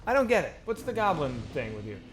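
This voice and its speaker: A man's voice: a little high, fast talker, soft background music. A man streaming a video game, chatting casually with viewers and swearing freely as he plays. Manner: animated, swears freely, chats back to viewers. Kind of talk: casual live-stream commentary while gaming.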